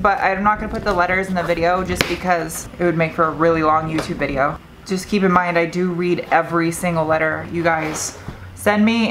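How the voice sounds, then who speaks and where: A young woman hosting her car vlog, talking casually and getting excitable as she opens gifts from viewers. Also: lowish voice, noisy background. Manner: chatty, excitable when unboxing gifts. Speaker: car vlogger and host.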